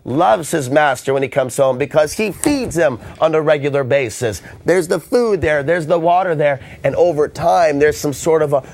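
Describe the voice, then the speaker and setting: A man hosting a call-in radio talk show, hoarse and ranting with passion. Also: on the high side, moderate pace, hardly any pauses, darkish tone. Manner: impassioned, ranting.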